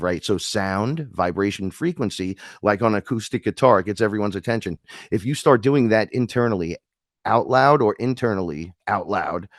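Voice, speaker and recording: A man's voice: sits low, no echo, studio quality. A man talking as a guest, telling rambling, emphatic spiritual stories and acting out the voices of the people in them. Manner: animated, acts out the voices in his stories. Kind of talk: spiritual storytelling chat.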